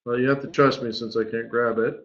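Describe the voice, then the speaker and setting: A man with a mid-range voice and steady tone speaks fairly quickly. He's a forex strategist chatting informally through a live trading webinar, peppering it with rhetorical "right?" questions, on dull, lo-fi sound.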